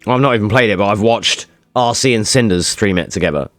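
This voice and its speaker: A man's voice: fairly low pitch, fast, dry recording, soft background music. A male streamer chatting casually with his viewers, joking around and swearing a lot. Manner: joking, swearing, reacting to chat. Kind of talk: casual live-stream chat.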